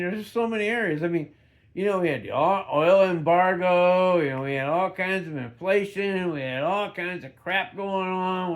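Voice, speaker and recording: A middle-aged man talks unscripted to his camera in a slightly raised voice. He rambles, swears casually, and often stops and restarts mid-sentence. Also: fairly high pitch. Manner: rambling, profane, with frequent restarts. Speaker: vlogger.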